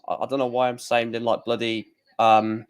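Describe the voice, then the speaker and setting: A man hosting a live stream, chatting casually and excitedly to his viewers. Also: medium pitch, moderate pace, smooth.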